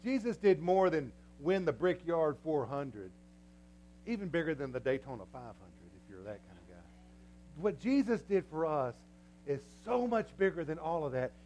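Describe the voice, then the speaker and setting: An older man preaching a sermon in a church, folksy and energetic, breaking into cheering shouts. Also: a little high, normal speed, a little hiss or hum. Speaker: pastor. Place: church sanctuary.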